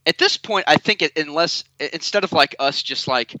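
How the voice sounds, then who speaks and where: Sarcastic guy co-hosting a podcast, bright tense voice, dry sound. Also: a little high, a little fast, no echo, low-quality recording. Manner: teasing, sarcastic. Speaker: podcast co-host. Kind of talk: casual podcast banter.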